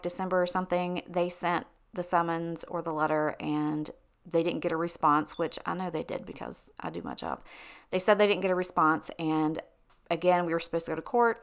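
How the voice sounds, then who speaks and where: A woman with a somewhat low voice chats casually to her viewers, like she is catching up with a friend. She talks freely and laughs easily between her sentences. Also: clean tone. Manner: chatty, laughs between lines, animated retelling. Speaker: lifestyle vlogger. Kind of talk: casual storytelling chat.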